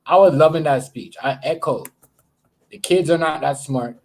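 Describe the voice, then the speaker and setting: Male streamer, slightly husky, loose profane rambling chat to viewers, from Canada. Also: a little high, normal speed, darkish tone. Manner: rambling, profane, repeats words. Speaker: live streamer. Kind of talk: casual livestream chat.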